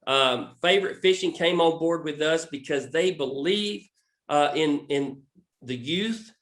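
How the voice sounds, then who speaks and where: Southern guy, kinda high voice, stumbles and restarts a lot, echoey room. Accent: Southern American. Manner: halting, with many restarts and fillers. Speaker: fishing recruiting scout. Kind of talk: explaining a recruiting program.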